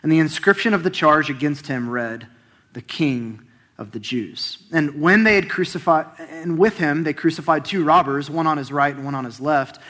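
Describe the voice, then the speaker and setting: In a church, a pastor with a slightly high, fairly bright voice preaches earnestly. He reads a long scripture passage aloud, placing rising emphasis on the quoted words.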